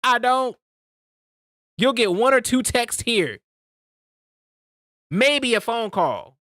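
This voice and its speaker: A man's voice: extremely high pitch, animated, slow pace, bright, forceful tone, no room sound, studio quality. A man streaming, reacting to a clip in a casual, slangy way, often laughing.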